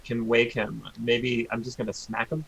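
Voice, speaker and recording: A man's voice: mid-range voice, level tone, moderate pace, gravelly, a bit bright, rough recording. A man playing a tabletop game, talking casually and laughing between asides. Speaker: player.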